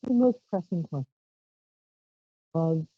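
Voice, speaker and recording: A woman's voice: sits low, expressive, takes it slowly, husky, no room sound, narrow, tinny audio. A woman from Brooklyn hosting a live psychic call-in show, chatty and self-mocking, breaking into squeals of delight. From Brooklyn, New York. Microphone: handheld mic held out.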